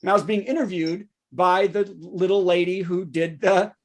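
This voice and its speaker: A man's voice: high-pitched, normal speed. Guy riffing on the news, jokey asides, keeps asking the crowd if they saw it. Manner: joking asides, checks in with the audience. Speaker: stand-up comedian hosting a virtual show. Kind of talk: topical news monologue. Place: home setup for a virtual show.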